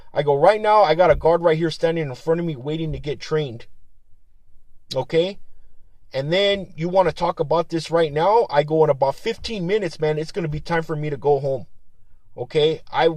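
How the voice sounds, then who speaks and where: Man, somewhat high voice, heated and profane rants, dry close sound. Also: normal speed, a little mellow, no echo. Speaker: security guard supervisor. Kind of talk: casual venting monologue.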